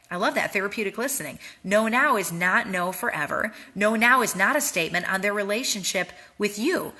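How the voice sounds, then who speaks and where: A woman's voice: medium pitch, bright, forceful tone. A woman leading a motivational training talk for her sales team, earnest and repetitive, often tagging lines with "right?". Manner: earnest, repeats words, frequent "right?" tags. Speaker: network marketing team leader.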